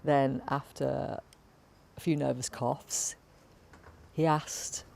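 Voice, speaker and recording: A woman giving a wry, dry stage monologue at an unhurried pace. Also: a bass voice, level tone, vocal fry, darkish tone. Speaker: actor.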